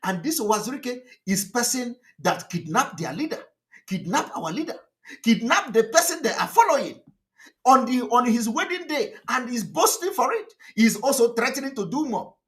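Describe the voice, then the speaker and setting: High, lively, mocking man. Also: moderate pace. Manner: mocking, laughing, repetitive rhetorical. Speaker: activist broadcaster. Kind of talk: impassioned broadcast monologue.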